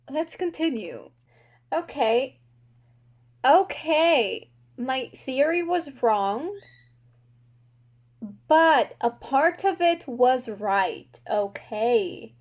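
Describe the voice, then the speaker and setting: A woman's voice: high-pitched, expressive, very slow, long pauses. A young woman book vlogger reacting aloud while reading, emotional and exclaiming, talking to the characters.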